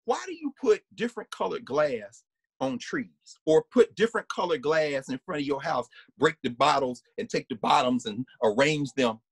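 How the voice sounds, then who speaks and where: Husky guy teaching, voice bounces all over, lots of restarts, hums bits of songs. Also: a little high, moderate pace, no echo. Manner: lively, restarts often, hums and sings snippets. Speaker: guest lecturer. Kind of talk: animated conversational lecture.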